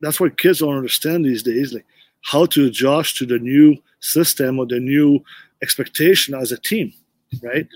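A man's voice: mid-range voice, normal speed. Rambling middle-aged man telling a story. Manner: rambling, restarts often, tells stories with quoted dialogue. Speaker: podcast guest, former pro hockey player. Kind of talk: casual interview storytelling.

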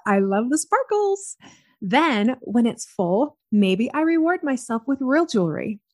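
Lively, upbeat woman podcast host. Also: fairly high pitch, dry recording, clean studio sound. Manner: encouraging, asks the listener many questions. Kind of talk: solo motivational podcast.

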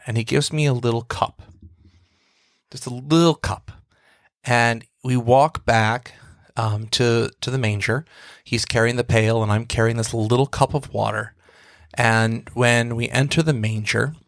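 A man's voice: medium pitch, gravelly, fairly bright tone, no room sound, studio quality. A man, a priest co-hosting a faith podcast, telling a prayer story in a reflective, storytelling way with frequent restarts. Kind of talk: casual faith podcast conversation.

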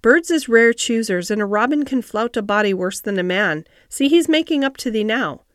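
A woman's voice: on the high side, expressive, normal speed, clear, resonant tone, no echo, studio quality, close to an everyday voice. A woman voicing a cheerful country boy, talking in an easy, broad dialect. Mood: friendly. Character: cheerful country boy who talks to animals.

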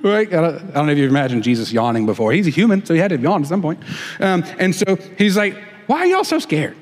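A man preaching a sermon in a relaxed, conversational way with folksy asides. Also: fairly high pitch, quick pace, long reverb tail. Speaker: pastor.

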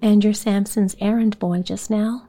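A woman voicing a brisk, motherly older sister in a storybook reading. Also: mid-range voice, fairly even intonation, dark tone, soft background music, close to an everyday voice.

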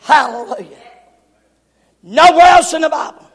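A man preaching a sermon, often shouting and repeating words for emphasis. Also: extremely high pitch, normal speed. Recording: long hall reverb.

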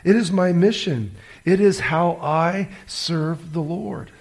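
A preacher voicing a gentle, joyful elderly nun in a retold story, speaking softly and simply. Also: male voice, high-pitched, slow pace, gravelly, pitched above the performer's own voice, full character voice.

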